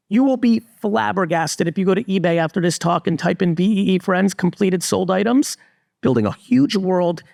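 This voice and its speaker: Gravelly, high-pitched emphatic man on stage. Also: moderate pace, darkish tone, no room sound, studio quality. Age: middle-aged. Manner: blunt, emphatic, repeats "literally". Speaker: entrepreneur and guest speaker. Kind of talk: live stage talk to an audience. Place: resort event stage before a live audience.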